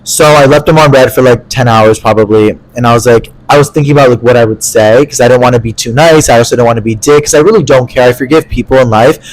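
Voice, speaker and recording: Fast-talking young man telling a story. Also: medium pitch, rough recording. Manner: animated, profane, acts out quoted voices. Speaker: podcast co-host. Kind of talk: casual storytelling chat.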